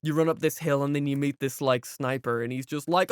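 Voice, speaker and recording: A man co-hosting a podcast in casual chat, telling stories in an animated way full of fillers. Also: a little high, fairly quick, few pauses, clear, resonant tone, no echo, studio quality. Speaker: podcast co-host.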